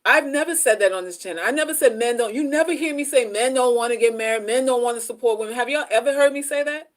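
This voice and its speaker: Chatty woman hosting a livestream. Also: quick pace. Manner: repeats herself, talks to viewers as "y'all"; swings between soft low asides and loud high outbursts. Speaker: livestream host, relationship advice. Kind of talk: casual live-stream chat to viewers.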